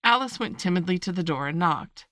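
A woman narrating a children's classic in an even, measured audiobook reading. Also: lowish voice.

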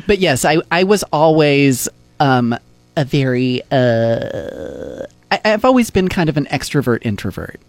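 A playful, expressive man who performs drag, telling stories as a podcast guest. His fairly high voice is recorded dry and close. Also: measured pace, dry recording. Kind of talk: casual chat.

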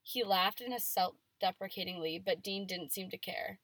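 A woman's voice: medium pitch, moderate pace, fairly bright tone, no room sound. Chatty woman reading aloud, dry close mic. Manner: reads dialogue with playful emphasis, chatty with many "like"s. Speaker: podcast co-host reading fan fiction aloud. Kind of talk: casual chat and reading aloud.

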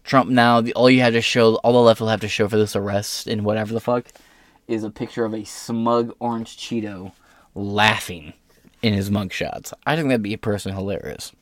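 A young man with a fairly low voice hosts a casual news commentary show, reading articles aloud and breaking off for sarcastic, profane asides. The sound is close and dry, with almost no room around it. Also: steady tone, fairly quick, dry recording. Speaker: host.

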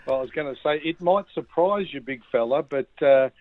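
A man's voice: on the high side, brisk. A middle-aged Australian man telling rambling, self-mocking stories in a casual chat. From Victoria, Australia. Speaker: podcast co-host. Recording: tinny phone-like line.

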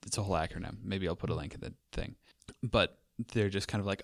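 A man's voice: low voice, fast, creaky, hardly any pauses, no room sound, studio quality. A young man hosting a podcast, talking casually in a rambling, wry way with lots of fillers. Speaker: podcast host. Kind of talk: casual conversational chat.

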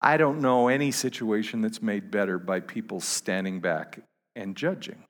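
A man preaching a sermon to his congregation, halting and repeating words, rising to emphatic peaks. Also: on the low side, in a large hall. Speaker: pastor.

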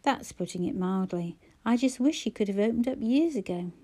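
A woman reading the part of a calm, gentle and teasing male schoolteacher in a soft, low-key voice. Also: moderate pace, natural voice.

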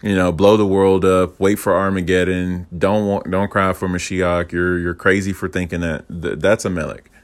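A man's voice: low-pitched, level tone, moderate pace, hardly any pauses. Enthusiastic man teaching Torah. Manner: enthusiastic, rambling, playful asides.

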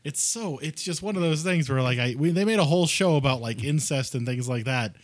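Rambly podcast guy from oregon, kinda high voice, dry sound. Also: fairly quick, dry recording. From Oregon, USA. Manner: rambling, restarts mid-thought. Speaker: podcast co-host. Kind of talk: casual chat.

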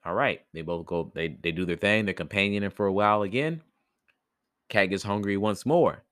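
Guy loosely retelling a fairy tale, lots of you know, deep voice. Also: normal speed, a bit bright, clear, resonant tone, no echo, studio quality. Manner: rambling, slangy, lots of fillers. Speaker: podcast storyteller.

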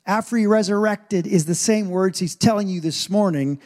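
A man who is a pastor, preaching a sermon in an animated way with asides and rising intensity. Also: high voice, moderate pace, few pauses. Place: church stage.

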